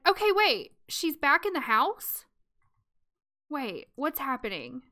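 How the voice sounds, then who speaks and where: A woman's voice: high voice, very animated, slow pace, bright, forceful tone. A woman hosting a let's play, commenting casually on her game and reacting with dramatic emotion while addressing viewers.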